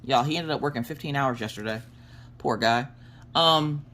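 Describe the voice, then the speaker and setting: A woman's voice: extremely low pitch, moderate pace, a bit bright, a little hiss or hum. A woman in her thirties telling a story in a casual, chatty way while crafting on her vlog, laughing often. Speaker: craft vlogger.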